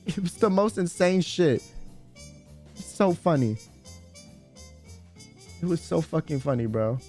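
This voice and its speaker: A man's voice: on the high side, animated, a little slow, darkish tone, faint music behind. A young man streaming, telling a story in casual chat, swearing, laughing and saying bro a lot. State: sore throat.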